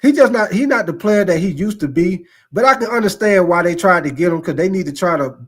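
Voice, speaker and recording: A man's voice: sits high, animated, fairly quick. A man hosting a casual sports live stream, chatting loosely, laughing and thanking viewers by name. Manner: laid-back, laughs often, repeats "most definitely, man".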